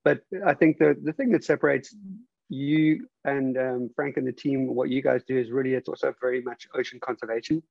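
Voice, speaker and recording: A man hosting an online interview, rambling and halting with many fillers and restarts. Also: medium pitch, little pitch movement, vocal fry, no echo, highs cut off. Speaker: interview host.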